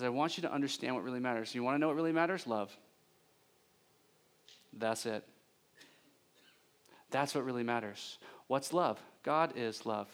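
A male pastor delivering a conversational sermon, self-deprecating and joking at times, his voice rising higher and louder when he gets animated. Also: smooth.

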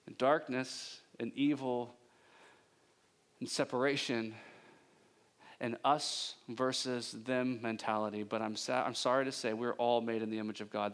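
At normal speed, a male pastor offers a conversational sermon sprinkled with jokes and self-deprecation. Whenever he gets animated, his voice rises and grows louder.

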